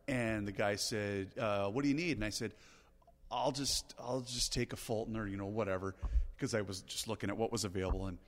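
A middle-aged man, a radio host, telling a long story in an animated, casual way and laughing often. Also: on the low side, brisk, long reverb tail.

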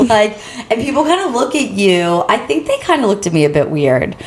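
A woman in her twenties co-hosting a casual chat, expressive, quoting herself in a higher voice. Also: a little fast. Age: 20s. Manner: expressive, quotes herself in high voice, laughs. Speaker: co-host.

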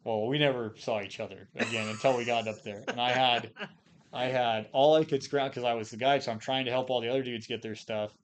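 A man's voice: medium pitch, fairly even intonation, a little fast. A man from Idaho spins loose, profanity-laced stories as a podcast guest. He talks in a mid-range voice, stumbles through restarts and fillers, and keeps an easy, conversational flow. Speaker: podcast guest, former Marine scout sniper. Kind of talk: casual storytelling.

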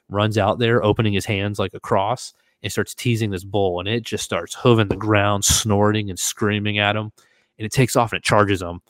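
Low-voiced man, animated storyteller. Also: no room sound. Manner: animated, acts out quoted voices. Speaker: podcast host. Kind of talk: casual storytelling.

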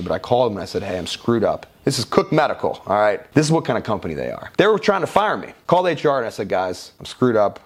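A man guest in an interview, telling his own life story in a frank, conversational way with casual swearing. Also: lowish voice. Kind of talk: candid personal storytelling.

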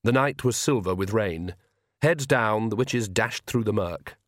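A man's voice: fairly low pitch, lively intonation, measured pace, no echo. Man narrating an audiobook, dry sound. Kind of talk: scripted narration.

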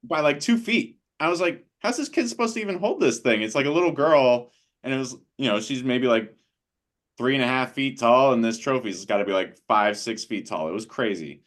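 A man's voice: mid-range voice, normal speed, a bit bright. A man co-hosting a casual podcast chat, rambling with many fillers. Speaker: podcast co-host.

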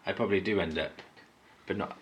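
A person chatting casually with friends, hesitant and soft-spoken, often trailing off. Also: sits low, quick pace. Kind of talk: casual chat.

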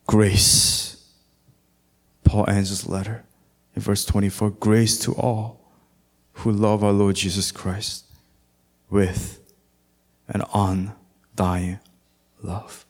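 A man preaching a sermon as pastor, slow and emphatic, climbing to loud, high exhortation and sometimes singing lines of scripture. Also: flat delivery.

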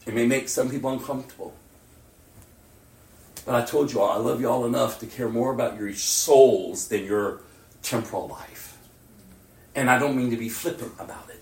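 Male pastor, sermon delivery, animated swings from loud to hushed, distant mic in an echoey church, faint room ambience. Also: mid-range voice, normal speed, long pauses. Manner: animated, swings from loud outbursts to near-whispers.

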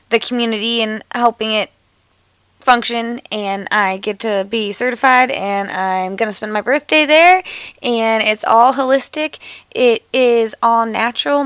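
A woman co-hosting a podcast in casual chat, chatty and excitable, laughing often as she talks. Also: medium pitch, no echo. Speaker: podcast co-host. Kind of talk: casual chat, reading a listener email.

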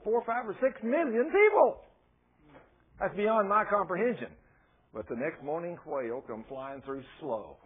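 A man preaching a sermon, telling Bible stories in a folksy, animated way. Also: high voice, unhurried, breathy edge. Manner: folksy, animated storytelling with laughs. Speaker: pastor. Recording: tinny phone-like sound.

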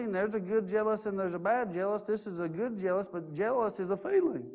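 A man in middle age delivers a sermon in a notably high voice. He speaks earnestly and personally, weaving in his own stories and repeating phrases for weight. His pitch rises and falls as he moves between quiet reflection and emphatic points. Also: a little fast, few pauses. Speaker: preacher.

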